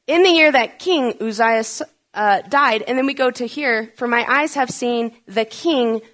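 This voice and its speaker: A woman's voice: a little high, creaky, a bit bright. A woman preaching a sermon, asking rhetorical questions and building to urgent, emphatic peaks.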